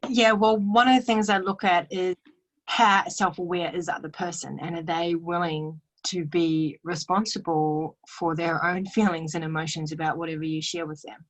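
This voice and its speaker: A woman relationship coach answering as a podcast guest, measured and advisory. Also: lowish voice, steady tone, low-quality recording. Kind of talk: interview answer.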